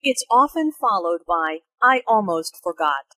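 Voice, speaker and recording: A woman explaining English phrases and their intonation in a slow, careful teaching voice. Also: dry recording. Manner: slow, careful, with lively pitch for spoken examples. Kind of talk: slow, clearly articulated teaching narration and dialogue.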